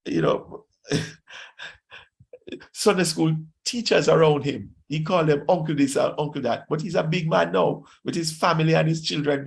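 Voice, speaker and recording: A man's voice: fairly high pitch, creaky. A pastor with a Jamaican accent preaching a sermon, exhorting his listeners and slipping into Patois phrases.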